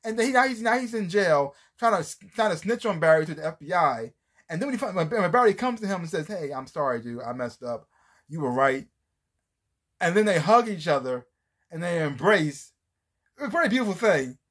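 A man's voice: sits high, lively intonation, fairly quick, a bit bright, breathy edge. A man giving a casual, rambling review of a TV series, often restarting his sentences and acting out scenes as he retells them. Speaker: TV show reviewer.

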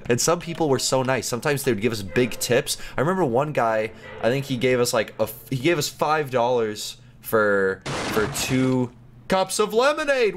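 A young man giving casual, goofy commentary while playing a game, chatty and quick to laugh and react. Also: mid-range voice, expressive, faint music behind. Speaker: gaming YouTuber.

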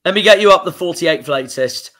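A young man with a Cornish accent hosts a football fan livestream. He is angry, swears a lot and breaks off mid-sentence. His voice is bright and sharp, and a little high. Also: lively intonation, brisk. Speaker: football fan channel host. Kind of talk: emotional livestream reaction.

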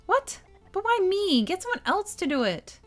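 A bratty teenage girl, high and sharp in her pitch, rolling her eyes at the grown-ups around her, as a woman puts her on. Every reply comes out impatient and sulky, straight from a video game scene. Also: big pitch swings, fairly quick, creaky, soft background music, full character voice. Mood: exasperated. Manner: bratty, exasperated retorts.

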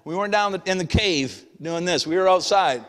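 Middle-aged pastor guy preaching, chatty and folksy, voice kinda high, church hall echo all around. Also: fairly quick, a bit bright. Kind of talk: sermon. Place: church sanctuary. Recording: long hall reverb.

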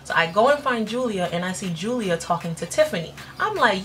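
A woman in her twenties telling a personal story in a casual vlog, blunt and slangy, jumping up in pitch when she acts out quotes. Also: fast talker, few pauses, faint music behind. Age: 20s. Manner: animated, jumps up in pitch when acting out quotes; slangy, blunt, self-mocking. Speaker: vlogger.

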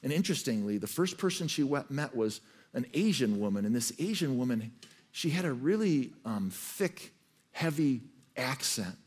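A man's voice: mid-range voice, animated, moderate pace, slightly rough. A man preaching a sermon as pastor. He tells his story earnestly and often repeats words as he restarts. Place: church stage.

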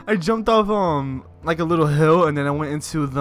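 A young man hosting a gaming video, commenting excitedly, laughing and yelling at what happens in the game. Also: a little high, fairly quick, faint music behind.

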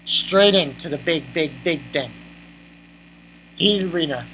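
An excitable reviewer rambles through a manga chapter, exclaiming and laughing along the way in a bright, cutting, mid-range voice. The delivery is slow, and the rough recording carries a faint background hiss.

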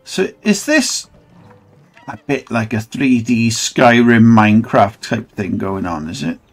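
A man's voice: medium pitch, expressive, slow, faint music behind. A man rambling and swearing through a let's play, mocking the game as he goes. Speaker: gaming channel host.

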